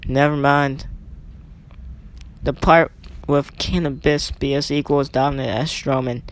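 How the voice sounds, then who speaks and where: A man's voice: medium pitch, steady tone, a little slow, pauses often, clear, resonant tone. A young man doing casual play-by-play commentary over a wrestling video game, rambling and correcting himself with chatty asides.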